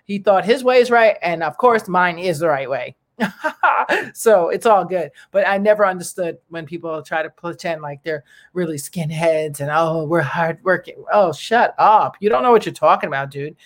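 A person delivering a casual opinion monologue to viewers, animated and exclamatory, with slangy asides and lots of fillers. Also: normal speed. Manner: animated, slangy and exclamatory, with big pitch jumps.

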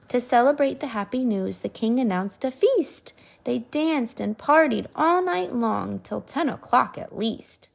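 Slow, gravelly woman reading aloud. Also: a little high, animated. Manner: slow, soft storytelling with whispered asides. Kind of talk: reading a picture book aloud to a child.

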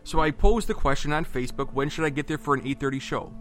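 A man's voice: fairly high pitch, quick pace, fairly bright tone. A man spins a long, casual trip story for his co-host, full of fillers and restarts. He slips into the voices of the people he quotes. Faint music plays underneath. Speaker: podcast co-host.

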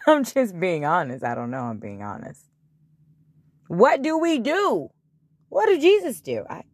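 Woman host, unhurried delivery, dry close sound, blunt and profane. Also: medium pitch, vocal fry, slightly rough, dry recording. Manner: animated, blunt, profane, retelling scripture in her own words. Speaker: podcast host. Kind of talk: casual spiritual monologue.

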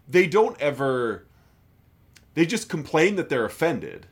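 Give me a man co-hosting a casual movie podcast, rambling and laughing, with a lively, varied pitch. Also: slow, breathy edge. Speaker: podcast co-host.

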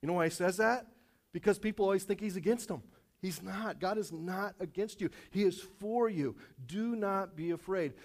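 A man preaching a sermon to his congregation, animated and repetitive, dropping light self-aware jokes along the way. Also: high voice, moderate pace. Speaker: pastor.

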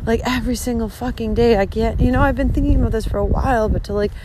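A woman in her thirties talks into her phone outdoors on a coastal hike, gushing about life with constant swearing and fillers. Her voice sits fairly high, with a faint hiss of noise behind it. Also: steady tone, fast. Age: 30s. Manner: effusive, heavy swearing, many fillers. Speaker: vlogger on a long-distance hike. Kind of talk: casual spoken vlog monologue. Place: outdoors on a coastal hillside at dusk. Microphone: handheld phone.

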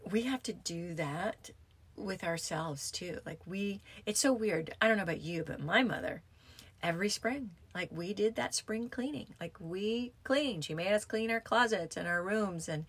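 A woman's voice: mid-range voice, moderate pace, breathy edge. A woman yoga teacher talking in a casual, rambling way, with frequent restarts and fillers. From United States. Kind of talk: casual reflective talk.

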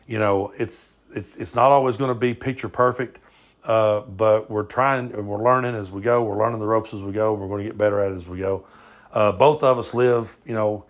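A man with a Southern US accent hosting an amateur podcast, talking loosely and swearing freely as he records on his phone. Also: on the low side. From southern United States. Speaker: podcast host. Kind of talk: casual podcast monologue.

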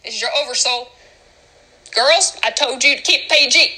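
A woman's voice: high-pitched, moderate pace, bright, forceful tone, husky, exaggerated voice. A woman voicing a stern oversoul spirit who scolds in a clipped way.

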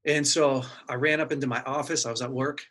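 A man's voice: medium pitch, fairly even intonation, brisk, a bit bright, a little hiss or hum. A middle-aged man earnestly telling a personal story in casual conversation, acting out his own inner dialogue. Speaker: guest sharing a personal story.

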